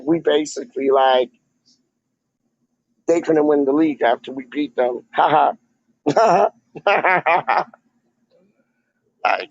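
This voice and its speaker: A fan vlogger reads live chat on a casual livestream, rambling along in a slightly high voice heavy with gravel and fry. He drawls slowly, stuffing his speech with slang and "like." The audio is dull and lo-fi, with no echo.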